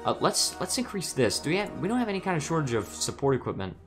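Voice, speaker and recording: A man's voice: on the high side, big pitch swings, fast, music in the background. A man streaming a strategy game, musing aloud with hesitant restarts while reading chat messages.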